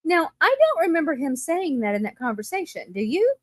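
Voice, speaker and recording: A woman's voice: high voice, sing-song, a little fast, no room sound. A woman co-hosting a casual recap chat, blunt and sarcastic. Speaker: podcast co-host.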